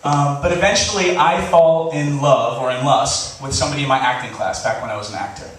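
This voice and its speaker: A man telling a funny personal story on stage before a live audience, animated and laughing, acting out the voices he quotes. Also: mid-range voice, a little fast, far from the mic. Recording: echoey live hall recording, faint hiss.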